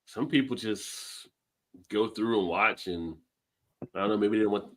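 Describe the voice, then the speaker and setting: A man's voice: lowish voice, measured pace. A man joining a casual beer chat, agreeable and laughing often.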